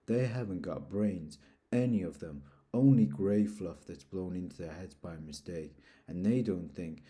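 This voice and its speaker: A man voicing a gloomy, self-pitying old grey donkey in a storybook reading, slow and mournful. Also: deep voice, dark tone.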